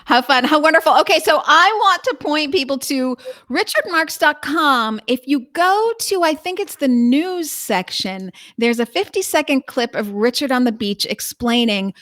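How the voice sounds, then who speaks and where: A woman hosting an interview, upbeat and affirming, asking quick questions. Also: high-pitched, expressive, fairly bright tone, no room sound, clean studio sound. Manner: upbeat, affirming, with frequent backchannel murmurs. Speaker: host.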